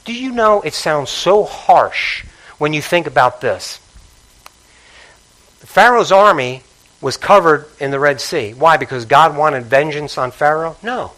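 A man preaching a sermon with passion, dropping to a hush and then rising to call out to the congregation. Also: fairly high pitch, lively intonation, measured pace, poor audio. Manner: passionate, swings between hushed and loud, calls out to congregation.

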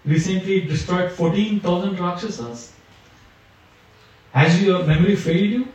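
A man voicing a loyal young prince who reasons calmly and gently, in an echoey hall from a distant mic. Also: high-pitched, normal speed, muffled recording, close to an everyday voice. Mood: reasoning. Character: loyal calm young prince, patient guardian.

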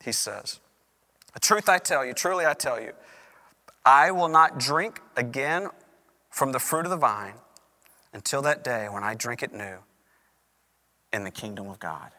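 Animated male preacher in a reverberant hall. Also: medium pitch, unhurried, long pauses. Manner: animated storytelling, acting out quoted lines. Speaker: pastor. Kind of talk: sermon.

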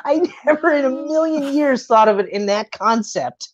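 A woman's voice: high-pitched, lively intonation, normal speed, few pauses, a little mellow. A woman in casual chat who laughs often, swears freely and acts out lines from scenes. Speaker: movie fan chatting with a friend. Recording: slightly dull lo-fi recording.

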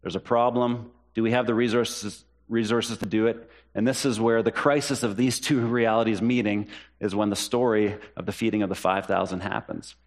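A pastor preaching a sermon, earnest and repeating key phrases for emphasis. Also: male voice, steady tone, normal speed. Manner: rises in pitch when voicing the disciples' questions.

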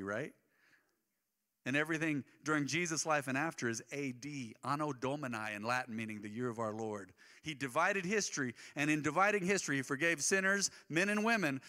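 A male pastor preaching a sermon in a church, impassioned, moving between loud emphatic lines and quiet asides. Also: mid-range voice. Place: church sanctuary. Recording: long reverb of a church hall.

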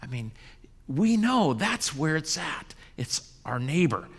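A male pastor tells a story during his sermon, unhurried and highly animated, his pitch rising and falling widely. He swings from hushed asides to loud emphasis, and a long church reverb trails every phrase. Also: vocal fry, husky. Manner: animated storyteller, dramatic shifts in volume.

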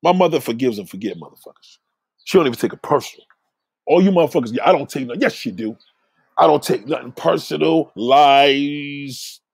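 Husky, profane man ranting at chat. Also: medium pitch, animated, fairly quick, dry recording. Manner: preachy, profane, confrontational. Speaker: livestream host reading chat.

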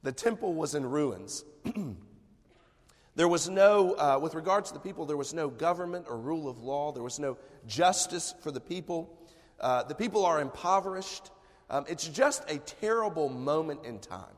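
A man preaching a sermon as pastor, telling a personal story in a relaxed, conversational way and often clearing his throat. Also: on the high side, moderate pace, big-room sound. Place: church sanctuary.

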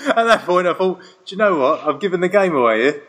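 Young british guy, kinda husky, tells stories and laughs a lot, swears. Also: high voice, quick pace. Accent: British English. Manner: animated, laughing storyteller, swears freely. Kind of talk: casual chat.

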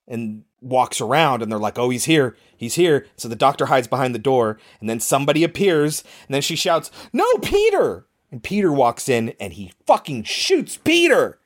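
A podcast co-host giving a casual, animated recap of a horror film's plot, swearing now and then. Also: medium pitch. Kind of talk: casual movie recap chat.

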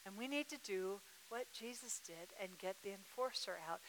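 A woman's voice: medium pitch, moderate pace, fairly bright tone, slight background noise. A woman preaching a sermon with emphatic repetition, acting out what to say back. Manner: emphatic, repeats words, acts out dialogue. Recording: reverberant hall.

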